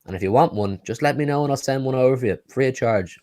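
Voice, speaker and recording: A man's voice: medium pitch, fast, dark tone. A man with a Dublin accent co-hosting a casual football watch-along, upbeat and reading out viewer comments. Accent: Dublin Irish. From Dublin, Ireland. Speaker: co-host.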